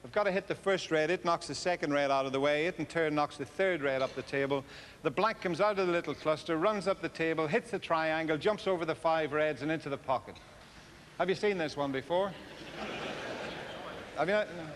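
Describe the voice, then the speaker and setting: A man's voice: a little high, brisk, fairly bright tone. A man with an Irish accent doing live stand-up between snooker trick shots, chatty and self-mocking with the crowd. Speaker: comedian and snooker trick-shot entertainer. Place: live stage show before an audience. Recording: noisy live 1990s video recording.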